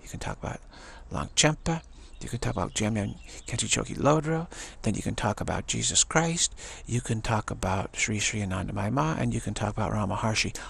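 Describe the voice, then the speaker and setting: A man in his sixties gives a rambling spiritual talk, with a gravelly, husky voice. He halts often, repeating words and restarting his sentences as he teaches. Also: lowish voice, brisk, hardly any pauses. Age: 60s.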